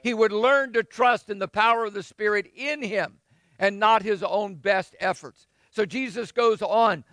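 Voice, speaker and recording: A man's voice: high voice, normal speed, fairly bright tone, dry recording. A male pastor preaching a sermon in a conversational way, acting out the quoted lines.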